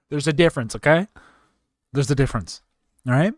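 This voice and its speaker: A man's voice: a little high, fairly quick. A man streaming live and reacting to a video, talking back to it with sarcastic jokes into a close mic. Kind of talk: casual livestream reaction. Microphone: close desk mic.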